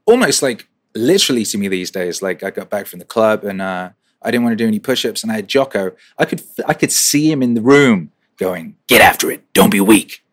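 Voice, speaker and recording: A man's voice: lowish voice, expressive, brisk. A man hosting a weekly question-and-answer livestream, chatting casually, swearing and repeating phrases for rhythm. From England.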